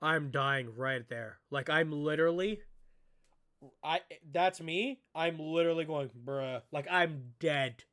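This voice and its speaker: A male streamer reacting to videos in an excitable, rambling way, talking straight to his viewers. His voice sits a little high and sounds bright and tense. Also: measured pace. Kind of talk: casual reaction commentary.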